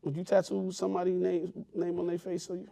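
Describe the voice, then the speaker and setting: Fast-talking and monotone, this podcast co-host has a high, creaky, warm-toned voice captured in a dry recording. He tells loose stories in casual conversation, voicing the characters as he quotes them.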